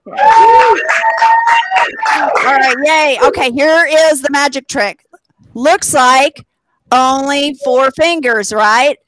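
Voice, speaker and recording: A female stand-up comic from Texas, slightly high-voiced, takes her time with each line. She mocks herself with deadpan asides and chuckles at her own jokes, recorded close and dry. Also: slow, long pauses, no room sound, shouting. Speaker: stand-up comedian. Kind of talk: live stand-up set. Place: studio stage with live audience.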